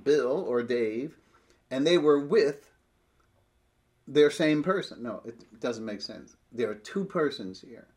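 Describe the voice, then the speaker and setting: A man teaching a Bible passage, explaining it step by step, reading verses aloud slowly, with frequent restarts. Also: fairly low pitch. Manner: restarts and repeats words often.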